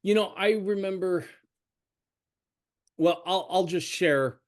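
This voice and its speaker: A middle-aged man hosting a podcast, telling a family story in casual conversation, repeating words and rambling. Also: slow pace. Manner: rambling, repeats words, animated swings in pitch. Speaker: podcast host.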